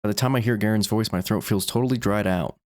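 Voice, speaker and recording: A man's voice: lowish voice, quick pace, a little mellow. A man reading a visual novel's first-person narration aloud as a let's play host, with small stumbles.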